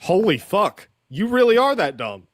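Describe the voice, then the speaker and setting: Blunt sweary guy on a debate panel, scornful, voice swings up and down a lot, a bit high. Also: very animated, normal speed, no room sound, clean studio sound. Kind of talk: heated online debate.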